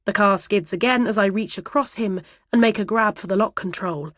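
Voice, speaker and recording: Woman narrator, first-person thriller, dramatic, middle pitch, dry close sound. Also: a little fast, a bit bright, no echo. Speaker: audiobook narrator.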